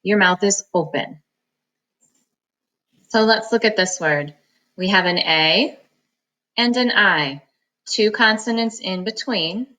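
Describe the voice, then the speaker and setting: A woman teaching a reading lesson, sounding out words slowly, syllable by syllable, for students. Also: mid-range voice, sharp tone, low-quality recording. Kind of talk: phonics lesson.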